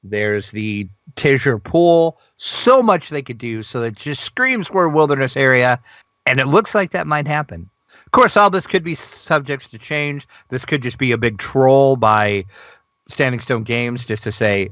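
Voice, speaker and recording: Male co-host, excitable and gushy, casual gaming news chat; dry close sound. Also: mid-range voice, no echo, dull audio. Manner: excitable, gushing, laughs often. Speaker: podcast co-host.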